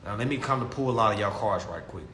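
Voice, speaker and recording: A man's voice: lowish voice, lively intonation, fast, fairly bright tone, slight background noise. Preachy young man in an echoey room. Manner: preachy, repetitive, calls listeners family. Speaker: consumer law class teacher. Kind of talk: casual talk to followers. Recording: echoey room with faint ambience.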